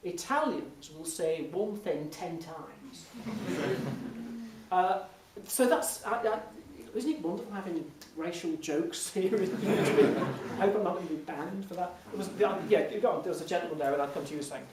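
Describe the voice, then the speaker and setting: A man, an impressionist, telling lively anecdotes to an audience in a Q&A, often restarting mid-sentence. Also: sits high, normal speed. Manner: animated, lively storytelling with frequent restarts and laughs. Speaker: impressionist speaking as guest. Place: large hall before an audience. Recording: echoey hall, mic from a distance, faint noise.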